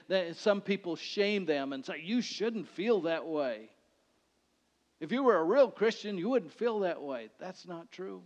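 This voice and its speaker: Man preaching in an echoing hall. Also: a little high. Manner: conversational preaching, swings between loud and hushed. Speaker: pastor. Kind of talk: sermon. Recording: dull sound with long hall reverb.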